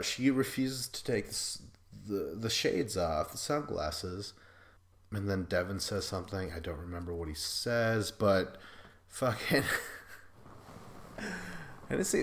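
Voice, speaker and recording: A young man with a deep, slightly bright voice hosts a podcast, rambling through a casual recap full of profanity. He acts out the people he quotes in mocking voices.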